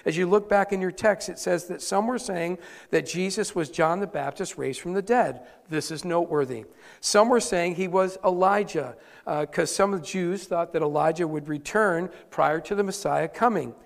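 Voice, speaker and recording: A man's voice: fairly high pitch, creaky. A male pastor delivering a conversational sermon, repeating key points for emphasis. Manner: conversational preaching with emphatic repetition. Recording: reverberant hall.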